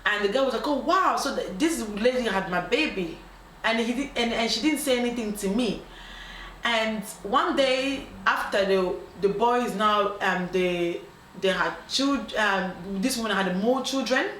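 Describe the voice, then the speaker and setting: Animated woman storyteller in an echoey room. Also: fairly high pitch, a little slow. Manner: animated, acts out quoted voices, many ums and restarts. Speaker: storyteller host. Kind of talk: casual storytelling. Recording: roomy echo, faint background noise.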